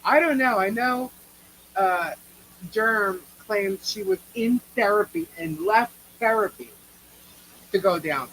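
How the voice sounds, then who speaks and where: A woman's voice: mid-range voice, slow pace, fairly bright tone, a little hiss or hum, poor audio. A woman with a New York accent co-hosting a live chat, blunt and opinionated, swearing casually as she answers viewers. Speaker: livestream co-host.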